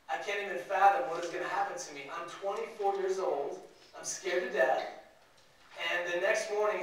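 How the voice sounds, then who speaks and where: A man's voice: high-pitched, a bit bright. A man in his twenties giving a motivational talk, telling a personal story and acting out the voices of people in it. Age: 20s. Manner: storytelling, acts out quoted voices. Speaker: motivational speaker. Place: conference hall. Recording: echoey hall, mic from far off.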